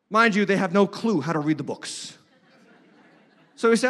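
A man preaching from the pulpit with a high, bright, ringing voice that carries a long hall reverb. He is emphatic and animated, and now and then mocks imagined critics in put-on voices. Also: a little fast, pauses often. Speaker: lead pastor. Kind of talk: sermon. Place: church sanctuary.

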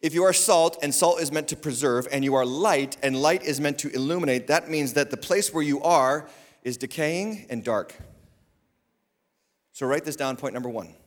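A man preaching a sermon as lead pastor, swinging from loud declarations to quiet asides, with bits of humor. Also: fairly high pitch, moderate pace. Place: church sanctuary. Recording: long reverb of a large hall.

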